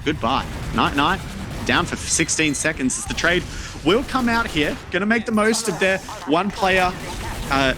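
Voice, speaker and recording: A man doing rapid play-by-play commentary on a team shooter match, repeating words as he goes. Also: fairly high pitch, noisy background. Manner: fast play-by-play, trailing off into filler and repeats. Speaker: esports caster. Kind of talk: live game commentary.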